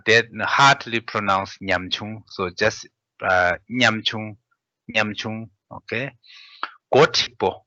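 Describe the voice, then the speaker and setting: Guy teaching vocab really slow, repeats every word twice, bright voice, dull sound. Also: on the low side, no room sound. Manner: patient, repeats each word slowly. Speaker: language teacher.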